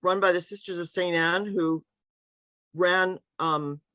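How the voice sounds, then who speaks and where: A woman's voice: lowish voice, steady tone, slow pace, fairly bright tone, no echo. A woman author being interviewed over a video call, talking in a meandering, hesitant way with many ums and restarts. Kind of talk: casual conversational interview.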